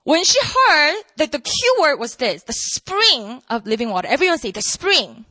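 A woman preaching a casual, conversational sermon, animated and full of asides to the congregation. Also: high-pitched, normal speed, no room sound.

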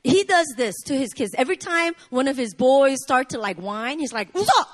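A woman in her thirties preaching a sermon as a pastor, emphatic, moving between loud exclamations and soft, low asides. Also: moderate pace.

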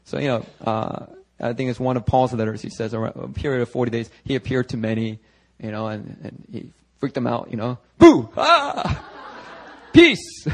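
A man preaching a sermon at a church service, lively and conversational, acting out the voices of biblical figures as he goes. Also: mid-range voice, brisk, low-quality recording. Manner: animated, acts out voices of biblical figures, talks to the congregation. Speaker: pastor.

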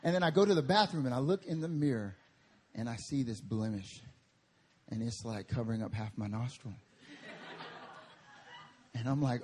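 A male pastor preaching a sermon at a church service, telling animated stories and laughing through them. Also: medium pitch, moderate pace, pauses often, breathy edge.

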